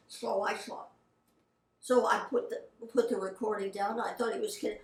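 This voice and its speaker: A woman's voice: medium pitch, steady tone, moderate pace, darkish tone. Older woman telling stories, roomy and distant. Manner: chatty anecdotal, quotes people in her stories. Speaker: voice actress. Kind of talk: casual storytelling.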